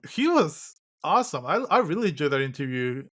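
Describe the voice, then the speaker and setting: Halting, rambling male podcast co-host. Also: on the high side, big pitch swings, fairly bright tone. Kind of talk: casual chat recapping a film.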